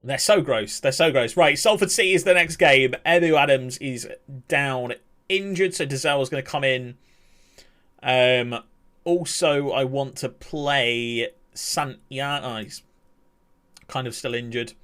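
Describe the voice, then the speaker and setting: A man's voice: medium pitch, measured pace, a bit bright, clean tone. A young man, chatting casually on a live stream, laughing often and ranting in mock outrage.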